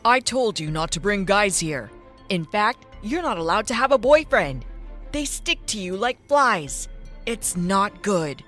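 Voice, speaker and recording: A woman's voice: lowish voice, animated, moderate pace, hardly any pauses, faint music behind, pitched below the performer's own voice, close to an everyday voice. A woman voicing a stern, short-tempered retired-officer father who scolds his daughter. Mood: scolding.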